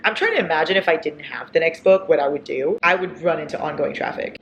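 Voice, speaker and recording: A young woman in her twenties, gushing and excitable as she chats casually about books in a reading vlog. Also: fairly low pitch, moderate pace. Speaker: book vlogger. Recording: echoey room with faint noise.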